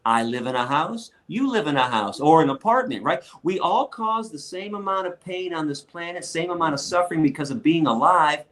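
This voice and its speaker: A man's voice: fairly high pitch, lively intonation, a little fast, hardly any pauses, fairly bright tone. A middle-aged man telling stories in an interview, blunt and profane, acting out other people's lines as he goes. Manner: blunt, profane, fired-up, acts out quotes. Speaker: guest lecturer and activist. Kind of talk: animated interview storytelling.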